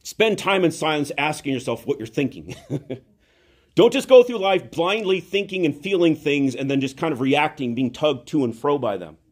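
A man's voice: on the high side, moderate pace. A man, a priest, delivering an earnest sermon in church, repeating phrases for emphasis. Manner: earnest, animated preaching with repetition.

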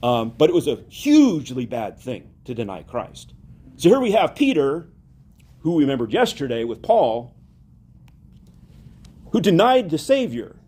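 A man preaching a homily, telling a story with lively acted-out dialogue. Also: a little high, a little slow, pauses often, breathy edge. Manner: animated storytelling, acts out quoted dialogue.

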